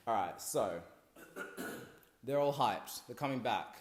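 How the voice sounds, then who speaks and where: A young man who has been drinking tells an ancient tragedy in casual slang. He rambles, restarts and throws loud asides at the people with him, at an average pitch. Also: expressive, slow, roomy sound. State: drunk. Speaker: comic storyteller. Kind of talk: casual comic retelling of a play.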